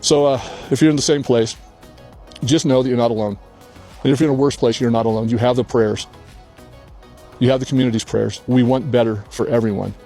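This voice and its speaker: A man's voice: mid-range voice, gravelly, dark tone. Tearful older man, earnest and heartfelt. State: crying. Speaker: channel host. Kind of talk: emotional personal vlog. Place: outdoors on a hillside rock.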